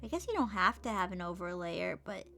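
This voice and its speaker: A young woman streaming a game, chatting playfully and gushing over cute outfits, sometimes dropping to soft whispers. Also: on the low side, big pitch swings, a little fast, vocal fry. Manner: slips into soft whispers and mutters. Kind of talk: casual gameplay commentary. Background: game music.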